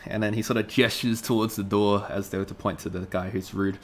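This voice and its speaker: A man running a tabletop game as game master, narrating in a casual, relaxed way. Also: fairly low pitch, a little fast, faint music behind.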